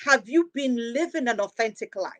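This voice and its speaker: A woman's voice: a little high, expressive, normal speed, a bit bright, rough recording. A woman in her thirties hosting a motivational podcast, speaking earnestly with rhetorical questions and repeated phrases for emphasis. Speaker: podcast host. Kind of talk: reflective motivational monologue.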